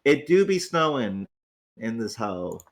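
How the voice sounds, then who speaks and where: A man's voice: mid-range voice, big pitch swings, slow. A tired, groggy man hosting a casual livestream, rambling, stammering on restarts and swearing freely. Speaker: host.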